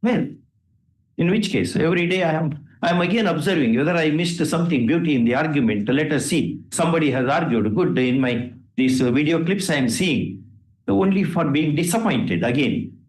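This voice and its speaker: A judge with an Indian English accent, his voice a touch high for a man, animated and at normal speed, scolds and lectures the lawyers with rhetorical questions. His bench remarks echo in a roomy courtroom.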